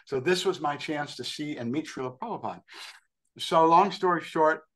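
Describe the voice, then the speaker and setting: An older man from New York, telling an animated, self-deprecating story as a podcast guest. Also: fairly high pitch, moderate pace. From New York, USA. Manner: animated, acts out quoted voices, self-deprecating. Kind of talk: storytelling anecdote.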